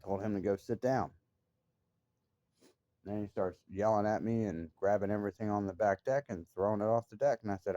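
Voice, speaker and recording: Agitated low-voiced man, dull lo-fi sound. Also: a little fast, warm tone, dry recording. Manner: agitated, emphatic storytelling with profanity. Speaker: vlogger. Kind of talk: casual personal monologue to viewers.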